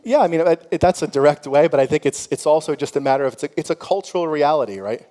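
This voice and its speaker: A slightly high, dark-toned voice belongs to a middle-aged company founder who speaks at a quick, animated clip. His panel talk in a conference hall is frank and conversational, sprinkled with "you know" and laughter, and the sound carries a long hall reverb.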